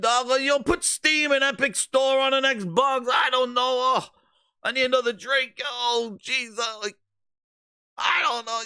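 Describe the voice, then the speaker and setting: A man's voice: very high-pitched, no echo, studio quality, pitched above the performer's own voice. A man doing a whiny, slurring drunk executive. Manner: slurring, whiny, stammering, rambling. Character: slurring drunk male executive rambling in an interview.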